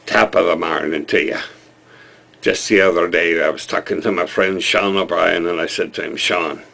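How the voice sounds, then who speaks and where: A man's voice: sits low, fairly even intonation, moderate pace, vocal fry, sharp tone, voice pushed down, full character voice. A man putting on an Irish accent to play a chatty Irish man telling a joke. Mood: jokey. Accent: put-on Irish. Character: joking Irish man telling a pub yarn.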